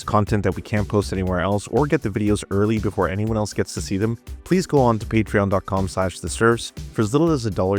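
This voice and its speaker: A man closes a video, thanking supporters and reading a list of patron names in a steady manner. His voice is on the low side. Soft music plays underneath. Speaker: channel host. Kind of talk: outro and patron credits.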